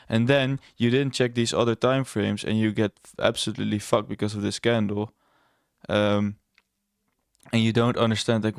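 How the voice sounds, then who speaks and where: In a relaxed screen-share walkthrough of his trades, a young male trading educator speaks at a moderate pace with a mid-range, fairly even voice. He's blunt, slightly sarcastic, rambling and self-correcting, and the recording is dry, clean, and studio quality.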